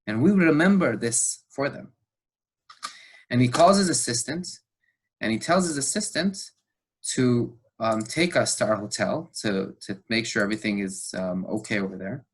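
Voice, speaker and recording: A low, husky male voice recounting events on a podcast, lively and animated as he acts out the people in his story. He speaks with frequent fillers and a storyteller's pacing. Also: moderate pace. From United States. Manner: animated retelling with acted quotes, fillers. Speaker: podcast guest. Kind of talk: storytelling interview.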